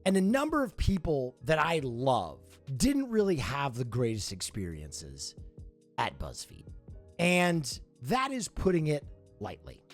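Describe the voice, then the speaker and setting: A man streamer giving a profane, emphatic commentary rant in a conversational way. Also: on the high side.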